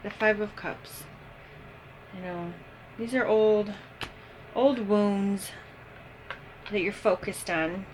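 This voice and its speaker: A woman giving a casual tarot reading, unhurried and thinking aloud with frequent pauses and ums. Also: mid-range voice, slight background noise, poor audio. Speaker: tarot reader.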